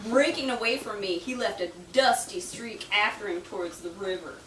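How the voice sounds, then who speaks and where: Woman putting on a boastful Southern gentleman. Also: medium pitch, moderate pace, lightly acted. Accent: Southern US, put on. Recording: echoey room, distant mic, noisy.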